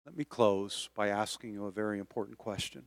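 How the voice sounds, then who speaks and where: A man preaching a sermon as pastor, moving from quiet storytelling to loud, rising exhortation. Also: on the low side, fairly even intonation, fairly quick, no echo. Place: church sanctuary.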